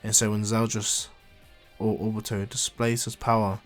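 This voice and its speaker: A man narrates a homemade anime crossover story in a loose, rambling way, often correcting himself mid-line. His voice sits on the low side, with faint music under it. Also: flat delivery, normal speed. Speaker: fan storyteller. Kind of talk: casual fan-fiction retelling.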